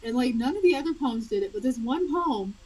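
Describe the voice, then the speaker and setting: A woman with a husky, slightly breathy voice talks through an interview as the guest author. She chats casually and animatedly, laughing often between thoughts. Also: on the high side, lively intonation, fairly quick, a little mellow, rough recording.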